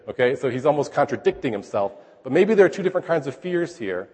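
A man's voice: mid-range voice, darkish tone, slightly rough, big-room sound. A man preaching a sermon, explaining scripture in a conversational way and checking in with his listeners. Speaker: pastor.

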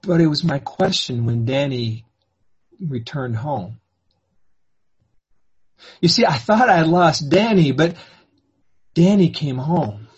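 A man preaching in first-person storytelling, swinging between hushed and fervent delivery. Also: on the high side, lively intonation, takes it slowly, long pauses, breathy edge, lo-fi sound.

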